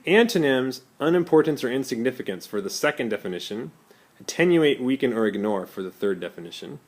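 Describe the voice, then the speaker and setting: A man teaching an English vocabulary lesson to his class, explaining slowly with many pauses and fillers and giving Spanish translations. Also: mid-range voice, animated, darkish tone.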